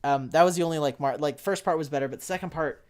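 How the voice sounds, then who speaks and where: A young man co-hosting a casual fan discussion, talking in an excitable, rambling way full of fillers and sudden bursts of enthusiasm. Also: fairly high pitch, fast. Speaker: podcast co-host.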